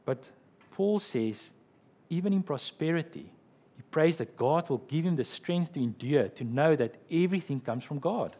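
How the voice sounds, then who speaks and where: Husky-voiced male pastor preaching. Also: on the high side, animated, moderate pace, mellow. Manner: explanatory, with frequent "okay" and "right". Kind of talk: sermon.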